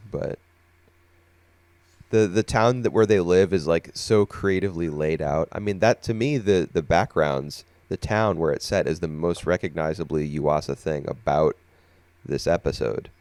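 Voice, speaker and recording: Man, podcast co-host, yawny and relaxed, deep voice, dead-dry recording. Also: dry recording. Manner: thoughtful, unhurried, many fillers. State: sleepy, yawning. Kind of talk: casual podcast chat.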